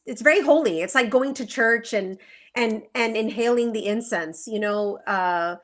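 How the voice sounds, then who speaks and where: A woman who practices feng shui, explaining in earnest on a live video call, with many fillers and rhetorical questions. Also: a little high. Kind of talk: conversational interview.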